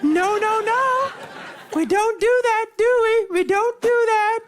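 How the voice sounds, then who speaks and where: A man imitating a sweet theme-park princess gently scolding a small child in a high singsong. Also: slow pace, a faint crowd, heavily acted.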